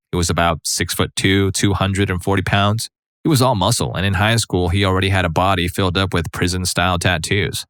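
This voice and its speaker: A man with a fairly low voice narrates online stories, reading them out in first person. His delivery is conversational and wry, like someone telling an anecdote to a friend. The recording is dry and close, with no room sound. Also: a bit bright, no room sound. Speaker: story narrator.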